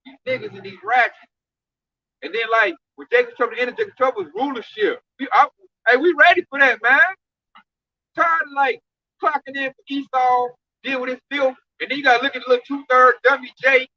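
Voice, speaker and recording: Man, high bright voice, slangy scolding camp preacher, dull dry recording. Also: a little fast, no echo. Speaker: speaker at a camp teaching. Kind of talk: informal preaching.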